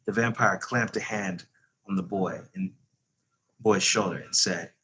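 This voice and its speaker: Deep, husky man reading a story. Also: measured pace, sharp tone, low-quality recording. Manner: reads with slips and self-corrections, chatty asides. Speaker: channel host reading aloud.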